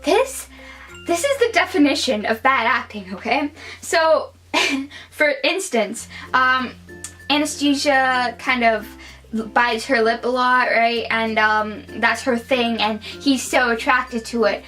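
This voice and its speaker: A woman's voice: high voice, slow, sharp tone, faint music behind, poor audio. A woman giving a casual vlog movie review, chatty and opinionated, with many fillers.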